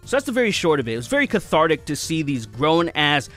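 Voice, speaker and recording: A man's voice: a little high, big pitch swings, fast talker, few pauses, a bit bright, faint music behind. A man giving heated, sarcastic, profane commentary on online culture as a channel host. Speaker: commentary YouTuber. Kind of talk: ranting commentary.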